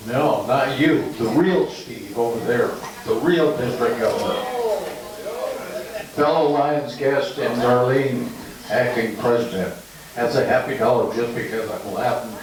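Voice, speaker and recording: Man, jokey member, far mic. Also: mid-range voice. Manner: jokey, formal address. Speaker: club member. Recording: echoey hall from far off, crowd.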